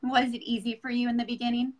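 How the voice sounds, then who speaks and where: A woman's voice: a little high, monotone, fast, rough recording. A woman hosting an interview, introducing her guest in an encouraging, motivational way. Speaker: interview host.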